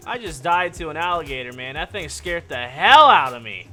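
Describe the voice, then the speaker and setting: Bright-voiced joking gamer man. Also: a little high, expressive, moderate pace, few pauses. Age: adult. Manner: joking, rambling, yelps when startled. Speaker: gaming YouTuber. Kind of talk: casual gaming commentary.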